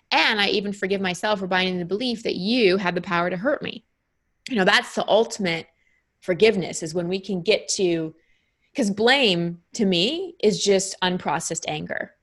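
Reflective woman explaining calmly. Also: lowish voice. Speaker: guest. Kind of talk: interview conversation.

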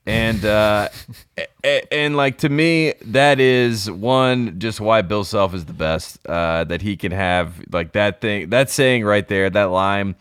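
Deep-voiced young man in casual sports chat. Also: slow pace, a bit bright, clear, resonant tone, no echo. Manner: enthusiastic, laughs while talking. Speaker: podcast co-host.

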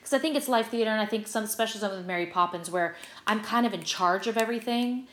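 Chatty actress in a roomy space. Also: female voice, medium pitch, quick pace. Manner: animated, chatty, lots of fillers. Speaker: guest, stage actress. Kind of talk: casual interview storytelling. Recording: roomy echo.

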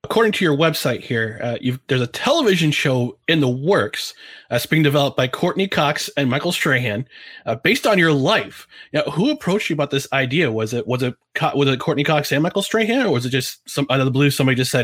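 A man's voice: mid-range voice, animated, a little fast, a bit bright, breathy edge. A man hosting an interview show, asking rambling questions that he restates several times.

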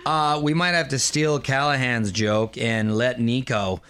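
A man hosting a radio show in a studio, quick and upbeat with casual banter. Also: mid-range voice, steady tone, fairly bright tone, clean tone. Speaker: radio host.

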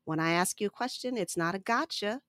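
A woman stand-up comedian, a guest on a podcast, telling stories in an animated way and laughing often. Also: medium pitch, a little fast, dry recording, clean studio sound. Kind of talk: conversational podcast interview.

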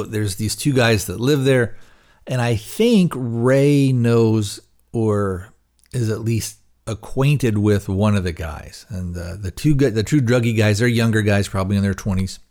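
A male podcast host casually recapping a TV episode, rambling with fillers and retelling the dialogue. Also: on the low side. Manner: rambling, relaxed, many fillers and retold dialogue.

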